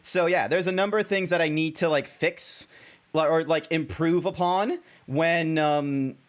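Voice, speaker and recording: Chatty Australian man, somewhat high voice. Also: measured pace, clean tone. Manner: rambling, self-correcting, chatty. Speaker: VTuber streamer. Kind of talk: casual stream chat.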